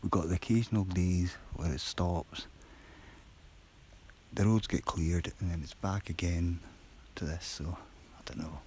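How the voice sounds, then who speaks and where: Deep-voiced man chatting quietly. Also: steady tone, measured pace, a little hiss or hum, poor audio. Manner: rambling, chatty, self-deprecating; talking quietly. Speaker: livestreamer on a work break. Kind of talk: casual live-stream chat to viewers.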